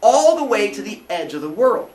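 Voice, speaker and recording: Animated man telling a myth, jokey. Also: high-pitched, moderate pace, recorded from a distance, crowd noise. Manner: animated, jokey, puts on voices. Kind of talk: comic storytelling to a class. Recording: roomy echo, voice from afar.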